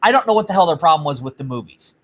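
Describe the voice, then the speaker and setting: A man's voice: on the high side, animated, rapid-fire. A man co-hosting a casual chat, telling stories in a blunt, profane way. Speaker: podcast co-host.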